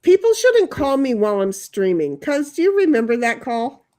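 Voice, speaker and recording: A woman's voice: high-pitched, very animated, normal speed, dark tone. A woman hosting a livestream in casual chat, reading viewer comments aloud, rambling and laughing often. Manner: rambling, laughs often, breaks into sung jingles. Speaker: livestream host.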